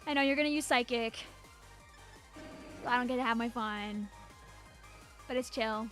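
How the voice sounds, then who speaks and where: A woman livestreams a game, chatting casually and laughing often. Her voice is high and bright, and it turns excitable at exciting moments. Faint game music plays behind her. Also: normal speed. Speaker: streamer. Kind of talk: casual gameplay livestream commentary.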